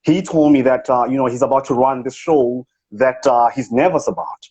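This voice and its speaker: A man's voice: medium pitch, moderate pace, a little mellow, breathy edge, natural voice. A man doing a comedic impression of a boastful, self-important business speaker with a South African accent, scolding and bragging on a phone video call. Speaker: impersonator. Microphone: phone on a live video call. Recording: lo-fi livestream audio.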